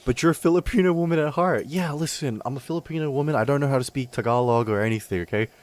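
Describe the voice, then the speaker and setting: A man's voice: medium pitch, fast. A young man live-streaming a game, chatting in a rambling, self-mocking way and swearing often. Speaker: VTuber streamer. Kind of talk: casual live-stream commentary.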